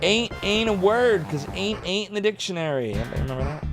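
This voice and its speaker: A man's voice: sits high, lively intonation, fast. A man streaming a retro game, joking, swearing and humming tunes as he plays, with game music behind. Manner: goofy and profane, hums and sings tunes. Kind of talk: casual live-stream commentary.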